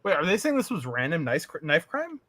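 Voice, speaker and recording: Lively, profane storyteller from Canada. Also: medium pitch, fairly quick. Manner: profane, storytelling, laughs often. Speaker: podcast co-host. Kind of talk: casual chat.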